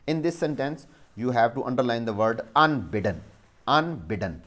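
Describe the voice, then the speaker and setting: A man's voice: mid-range voice, lively intonation, normal speed, a bit bright. A male teacher with a Pakistani English accent, dictating a vocabulary exercise and spelling words letter by letter.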